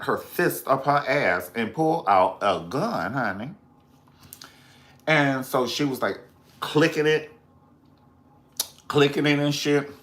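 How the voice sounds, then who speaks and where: A man hosting a casual pop culture commentary, profane and dramatic, breaking into high squeals when he quotes people. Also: a bit bright. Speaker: host.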